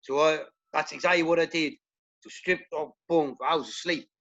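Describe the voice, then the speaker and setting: A UK punk band singer tells blunt stories full of profanity in a casual interview, swearing heavily and acting out quotes. His voice is on the high side, steady and a bit bright at a moderate pace, and the highs are cut off.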